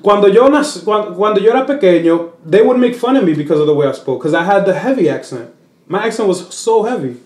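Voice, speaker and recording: This high-pitched male comedian from the Dominican Republic talks quickly in an echoey room. Appearing as an interview guest, he chats casually, moves between Spanish and English, and gets animated doing character voices in his stories.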